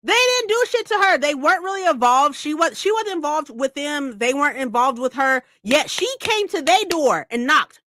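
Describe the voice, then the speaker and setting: Animated, foul-mouthed woman ranting. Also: sits high, normal speed, hardly any pauses, no echo, clean studio sound. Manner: laughs often. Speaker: book club streamer. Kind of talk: casual live-stream book chat.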